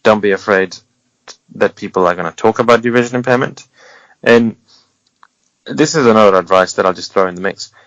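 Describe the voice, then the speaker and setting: A man's voice: on the low side, a little fast, long pauses, a bit bright, no room sound. A man speaking as an interview guest, giving earnest, encouraging advice with wry humor and some restarts. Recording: dull lo-fi sound, dry.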